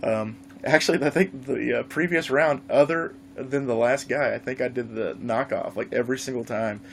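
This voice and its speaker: Man, gaming vlogger, mid-pitched voice, faint hum behind, lively storytelling, casual. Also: moderate pace, vocal fry. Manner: animated storytelling, swears freely. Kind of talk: casual livestream chat.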